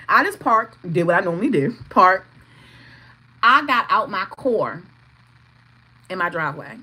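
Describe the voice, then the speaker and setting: A woman's voice: medium pitch, sing-song, measured pace, pauses often, sharp tone, husky, rough recording. A middle-aged woman, telling a profane, blunt story on a casual livestream and greeting chat viewers by name. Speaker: tarot reader streaming live.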